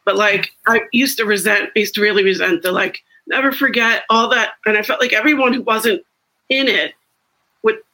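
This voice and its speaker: A woman from the United States talks in a loose group conversation over a video call. She thinks out loud, breaks off and restarts her sentences, and her voice is bright. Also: medium pitch, moderate pace, poor audio. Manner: reflective, many restarts. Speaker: guest.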